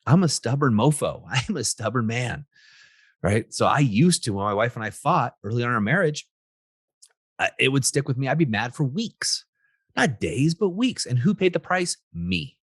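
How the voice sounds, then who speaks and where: Brief: husky-voiced male coach, lively swooping delivery, punchy motivational monologue. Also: medium pitch, normal speed, no echo, studio quality. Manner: animated, emphatic, repeats "right?" and "guys". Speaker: podcast host, relationship coach.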